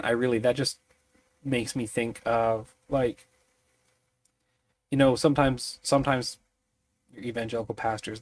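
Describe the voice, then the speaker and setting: A sleepy man muses aloud at an unhurried pace while he works through random tables for a tabletop mystery. He talks in a halting way, full of small fillers and restarts. His voice sits at a middling pitch. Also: a little mellow. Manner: musing, halting, many fillers. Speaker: streamer designing a tabletop mystery.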